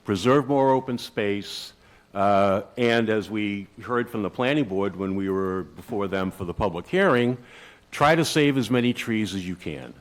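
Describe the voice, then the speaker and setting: Man, counsel at a public hearing, lowish voice, measured, formal. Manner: measured, lawyerly, with restarts. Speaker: applicant's counsel.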